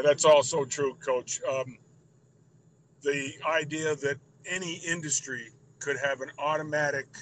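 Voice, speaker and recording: A man's voice: fairly high pitch, low-quality recording. Indignant male caller, faint noise behind. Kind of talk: call-in show talk.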